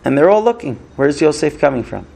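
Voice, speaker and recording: A man's voice: on the high side, sing-song, a little fast, gravelly, a little mellow, slightly rough. A man teaching a Torah story in a casual storytelling way, chatty with many fillers and check-ins with listeners.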